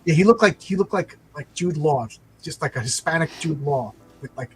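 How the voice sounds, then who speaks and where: Middle-aged New York man, slightly high voice, rambling casual storyteller. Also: lively intonation, normal speed, slightly rough, poor audio. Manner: rambling, full of "like" and restarts.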